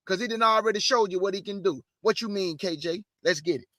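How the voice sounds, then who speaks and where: Fiery high-voiced preacher, slangy and loud. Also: male voice, quick pace, dry recording, clean studio sound. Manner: animated, shouting bursts, slangy asides. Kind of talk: energetic street-style Bible preaching.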